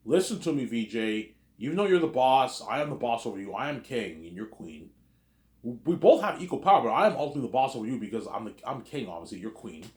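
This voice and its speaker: A man's voice: mid-range voice, very animated, quick pace, a little mellow. A man acting out an imagined argument by himself, playing every side in an over-dramatic, repetitive way. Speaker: video creator. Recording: roomy echo.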